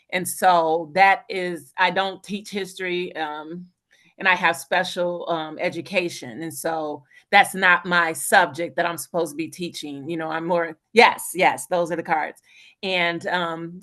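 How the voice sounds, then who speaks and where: A woman, a teacher, earnestly sharing a testimony on a call, with many ums and pauses. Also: fairly low pitch, fairly even intonation, a bit bright. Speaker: caller, teacher.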